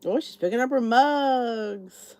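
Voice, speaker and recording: Speaking slowly in a fairly high voice with a darkish tone, a middle-aged woman from New Jersey, US, runs a relaxed livestream on her channel. She welcomes people as they arrive and reads their comments aloud.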